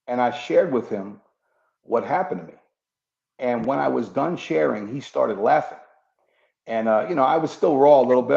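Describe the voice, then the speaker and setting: A New Yorker who went from police officer to preacher earnestly shares his conversion story in an interview, acting out the dialogue he remembers. His medium-pitched voice is warm and creaky at a moderate pace, recorded in a muffled, echoey room.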